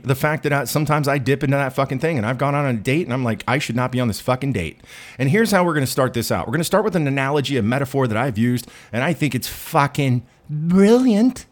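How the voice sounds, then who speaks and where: A man hosting a podcast, delivering a profane, self-deprecating rant. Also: medium pitch. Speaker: podcast host.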